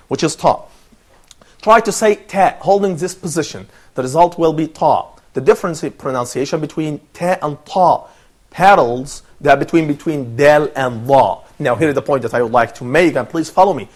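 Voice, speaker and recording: A man hosting a television language lesson, walking through how each sound is made. He speaks in a somewhat high voice and takes his time, repeating each sound so the panel can echo it. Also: darkish tone. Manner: patient, explains step by step, repeats sounds for students to echo. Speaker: TV presenter and Arabic teacher. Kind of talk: teaching pronunciation on a TV panel.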